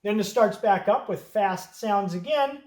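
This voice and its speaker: An elementary music teacher teaching young children, speaking slowly and patiently and counting beats aloud. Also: medium pitch, a little mellow, roomy sound.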